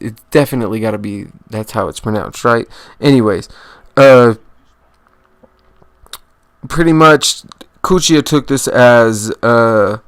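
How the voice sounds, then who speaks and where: A man's voice: mid-range voice, clean tone, no room sound. A man hosting a casual history explainer, rambling and correcting himself, joking about mispronouncing names. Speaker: history channel host.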